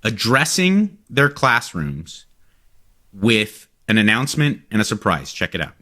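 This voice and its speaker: Man, 40s, podcast co-host, lively storyteller, lots of pitch movement. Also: unhurried. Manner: storytelling, acts out quotes. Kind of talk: casual chat.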